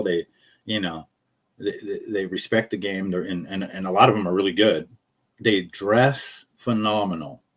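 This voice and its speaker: A man rambling through casual live-stream commentary, jokey and profane, telling stories. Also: deep voice.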